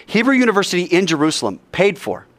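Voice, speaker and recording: A man preaching to a congregation, his voice sitting a little high and swinging widely in pitch. He tells his story with energy and acts out each character in turn. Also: big pitch swings, quick pace, fairly bright tone, no echo. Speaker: pastor. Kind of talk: sermon storytelling.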